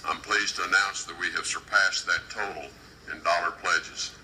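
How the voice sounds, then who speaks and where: Official at a podium: man, low and very forceful, formal and measured, emphatic. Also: fairly even intonation, slight background noise, low-quality recording. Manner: measured, deliberate, emphatic delivery. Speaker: government official addressing a conference. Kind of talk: formal prepared speech.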